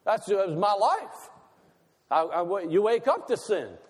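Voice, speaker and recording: A man preaching a sermon, asking his listeners questions and slowing down to stress key words. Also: sits high, sing-song, slightly rough, long reverb tail. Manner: asks the audience questions, slows for emphasis.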